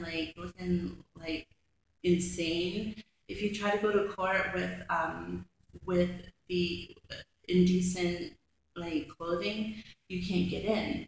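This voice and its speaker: A woman's voice: fairly low pitch, creaky. A woman vlogger telling a story in a chatty, exasperated way, full of fillers. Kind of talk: casual storytime vlog. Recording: very echoey room with faint background noise.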